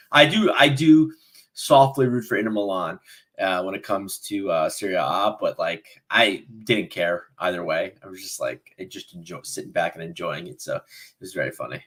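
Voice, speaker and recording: A young man chats casually on a fan podcast, telling a story with lots of restarts and animated bursts. His voice sits a little low in pitch. It has a bright, forward edge. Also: normal speed. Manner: rambling, restarts often, animated retelling. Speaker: podcast co-host. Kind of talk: casual chat.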